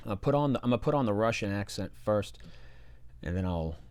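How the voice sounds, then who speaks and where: A man's voice: on the low side, expressive, moderate pace, darkish tone, no echo. A man reading an old newspaper aloud and stopping for rambling, sarcastic asides. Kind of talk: reading with commentary.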